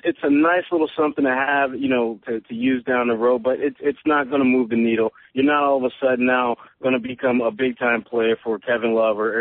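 A man's voice: mid-range voice, no echo. Analytical male reporter over a phone line. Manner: measured, analytical. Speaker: guest sports reporter. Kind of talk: sports talk podcast interview.

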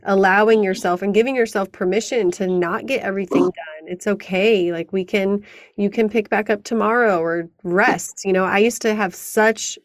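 A woman hosts a podcast, speaking at an ordinary middle pitch with an affirming, reflective manner. The sound is close and dry, with no room around it. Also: steady tone, normal speed, no room sound. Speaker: podcast host. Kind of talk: casual interview conversation.

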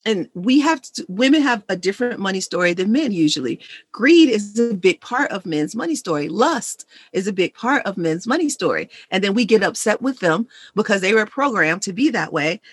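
A woman guest and money coach in a conversational interview, telling stories in an animated, emphatic way. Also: medium pitch, normal speed, slightly rough.

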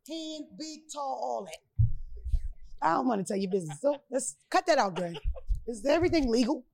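High-voiced woman riffing with profane humor. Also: moderate pace, gravelly. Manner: animated, profane, joking storyteller. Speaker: podcast host. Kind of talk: casual podcast chat.

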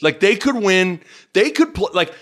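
A man hosting a sports podcast, talking in an animated, rambling way and often cutting himself off. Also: sits high, moderate pace. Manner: animated, rambling, self-interrupting. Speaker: podcast host. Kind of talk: casual sports talk.

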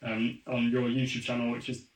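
Flat-voiced male host in an echoey room. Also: medium pitch, normal speed. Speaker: podcast host. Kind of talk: casual interview chat.

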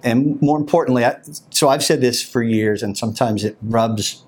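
A man's voice: mid-range voice, normal speed, husky. A man, a creative director, speaking as a podcast guest, articulate and self-assured, with dry humor. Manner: deadpan joking, then confident and articulate. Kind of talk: casual podcast interview.

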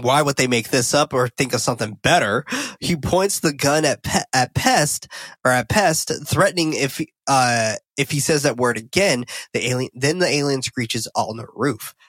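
A man co-hosting a podcast, casually recapping a movie scene by scene, swearing freely and getting loud and excited when he jokes. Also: mid-range voice, dry recording. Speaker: podcast co-host recapping a film.

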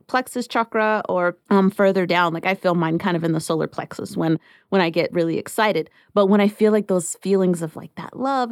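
A woman's voice: mid-range voice, dry recording, studio quality. A woman in her thirties hosting a podcast, talking casually and acting out the lines of the people she quotes. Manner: chatty, acts out quoted dialogue. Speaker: podcast host.

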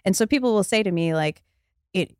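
A woman's voice: medium pitch, expressive, fairly quick, a little mellow, no room sound, studio quality. A woman who is a singer and vocal coach, chatting in an interview with frequent laughs and a slightly stuffed-up voice. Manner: chatty, laughs often, explains with analogies. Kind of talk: casual interview chat.

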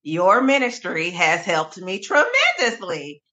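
Bright-voiced calm woman guest. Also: on the low side, slow pace. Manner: calm, chill and easygoing. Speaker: gospel singer, guest. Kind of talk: casual interview chat.

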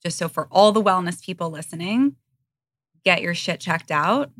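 A woman's voice: on the low side, expressive, moderate pace, fairly bright tone, dry recording, clean studio sound. A woman in her thirties, a podcast guest, speaking frankly and earnestly in a candid interview.

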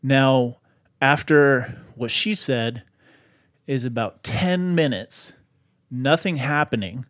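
Male podcast host, conversational storyteller, lively, loose delivery. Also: mid-range voice, slow. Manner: animated, lots of "like" fillers. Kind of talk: casual storytelling.

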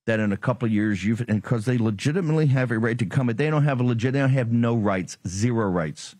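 A man's voice: medium pitch, fast talker, darkish tone, no echo. Sarcastic, combative male political host in a dry, close studio sound, taunting his opponents. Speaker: political talk show host.

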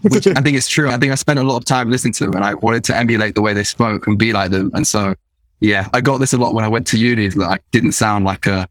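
A man's voice: on the low side, fast, no room sound. A young man from Nottingham with a Midlands accent tinged by a London twang, chatting as a guest in a casual interview in a dry, self-mocking way. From Nottingham, England. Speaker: guest, video creator.

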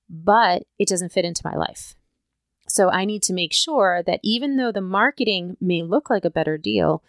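A woman's voice: mid-range voice, dry recording. A woman talking straight to her listeners in a casual, motivational way. She leans hard on key points and keeps asking "right?" to check they follow. The recording is dry and close, with no room sound at all. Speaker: podcast host.

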